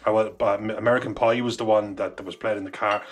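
A man with a slightly low voice co-hosts a casual movie podcast. He rambles, circles back and restarts his sentences, swearing now and then. Faint music sits behind him. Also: steady tone, quick pace. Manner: rambling, self-interrupting, swearing. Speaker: podcast co-host. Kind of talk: casual film review chat.

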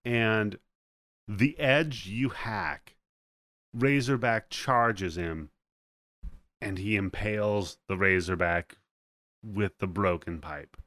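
A man's voice: lowish voice, slow pace, long pauses, a bit bright, dry recording. A man hosting a podcast, casually recapping a movie scene by scene with lots of swearing and laughter. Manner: profane, laughing, play-by-play retelling. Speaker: podcast host.

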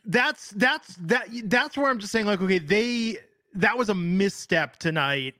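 A man's voice: high voice, lively intonation, measured pace, bright, forceful tone, dry recording, clean studio sound. A man in his thirties co-hosting a casual podcast, rambling and thinking aloud with fillers. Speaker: podcast co-host. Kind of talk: casual wrestling podcast chat.

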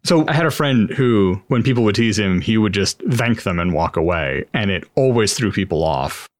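A man's voice: fairly low pitch, animated, normal speed, a little hiss or hum. A man co-hosting a podcast, chatting casually and thoughtfully, swearing freely as he brainstorms a movie plot. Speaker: podcast co-host. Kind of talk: casual chat.

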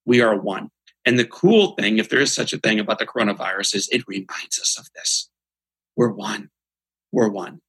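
A man's voice: lowish voice, normal speed, gravelly, a bit bright, breathy edge, low-quality recording. A man, a guest on a podcast, giving motivational interview talk in an earnest, emphatic, almost preacher-like way.

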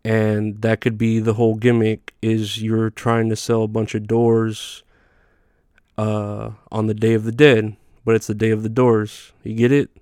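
Young male podcast host, lowish smooth voice, dry close sound, rambling profane comic rants. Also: completely flat delivery, unhurried, a little mellow, dry recording. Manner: rambling, profane, with filler and restarts. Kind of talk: casual comedic rant.

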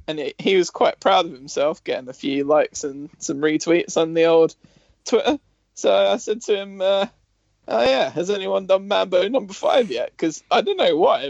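Man, gravelly higher voice, laughing storyteller on a dull dry remote line. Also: dry recording. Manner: laughing storyteller, quick banter. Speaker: podcast co-host. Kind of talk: casual chat.

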